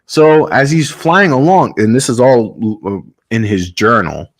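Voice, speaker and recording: A man's voice: mid-range voice, big pitch swings, a little slow. A man hosting a podcast, retelling a story in a casual, rambling way with many fillers and some swearing. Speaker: podcast host.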